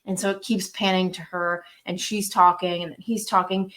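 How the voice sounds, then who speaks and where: A woman's voice: lowish voice, moderate pace, fairly bright tone. A young woman co-hosting a podcast, chatting casually with a friend, laughing easily and dropping "like" into her sentences. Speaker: podcast co-host. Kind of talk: casual chat.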